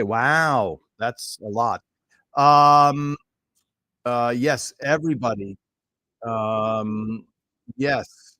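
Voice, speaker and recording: A man's voice: mid-range voice, fairly bright tone, no room sound. A man hosting a casual live stream from a small home studio, rambling and easily distracted, with lots of ums and asides.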